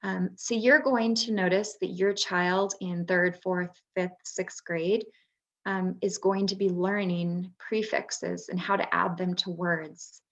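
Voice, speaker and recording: Woman presenter talking slow, lots of ums, teacher-ish patient explaining. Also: on the low side, fairly even intonation. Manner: patient, many "um" pauses. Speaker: parent workshop presenter, former teacher.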